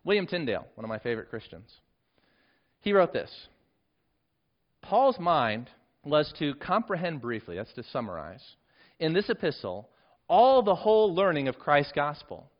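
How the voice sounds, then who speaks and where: Animated high-voiced male preacher. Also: normal speed, pauses often, muffled recording. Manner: emphatic preaching with big swings in pitch and volume. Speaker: pastor. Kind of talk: sermon.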